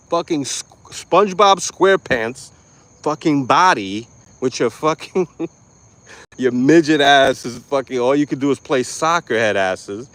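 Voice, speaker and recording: A man ranting to camera in a profane, mocking vlog, angry and loud. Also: fairly high pitch. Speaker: vlogger. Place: lives in Florida.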